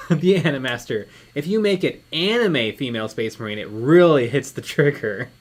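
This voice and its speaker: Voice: medium pitch, animated, moderate pace. A live stream co-host chatting casually while painting miniatures, reading out viewer comments and laughing often.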